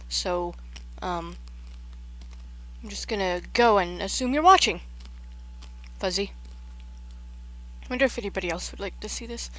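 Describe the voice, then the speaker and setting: A woman's voice: mid-range voice, a bit bright, poor audio. A woman chatting casually on a game livestream, rambling and trailing off as she gives a tour of a build. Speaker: Minecraft livestreamer.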